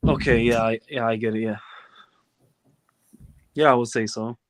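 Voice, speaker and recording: A man's voice: mid-range voice, steady tone, moderate pace. A man joining a casual livestream as a guest, laid-back and agreeable. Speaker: guest viewer. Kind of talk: casual chat.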